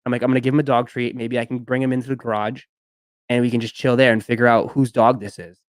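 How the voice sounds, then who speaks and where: A man's voice: mid-range voice, flat delivery, fast, dry recording, clean studio sound. A young man hosting a live stream, chatting casually and telling a long rambling story with lots of fillers. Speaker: sneaker live stream host.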